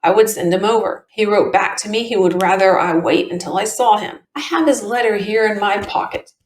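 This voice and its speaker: Plain-spoken man testifying, read by a woman, even matter-of-fact delivery, mid-pitched, tinny echoey sound. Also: brisk, lightly acted. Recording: tinny echoey home recording.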